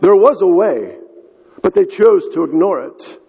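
A man's voice: high voice, animated, unhurried, gravelly, dark tone, breathy edge. A man preaching a sermon as pastor, earnest and given to restarting his phrases, recorded in a large church hall. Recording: dull sound with long hall reverb.

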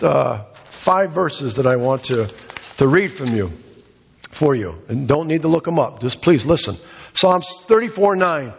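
Husky-voiced preacher man in an echoing hall. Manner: emphatic preaching that rises high on exhortations and drops low for asides. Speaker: pastor. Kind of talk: sermon. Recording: dull sound with long hall reverb.

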